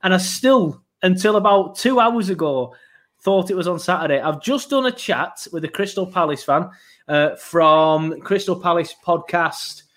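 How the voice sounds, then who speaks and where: A man hosts a football podcast, talking casually and chattily, rambling with lots of fillers. His voice is high and a bit bright, at a moderate pace.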